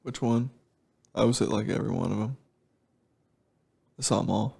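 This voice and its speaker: A man's voice: on the low side, moderate pace, gravelly, a little mellow, breathy edge. A young man co-hosting a podcast, joking around in casual chat, with a slight lisp. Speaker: podcast co-host.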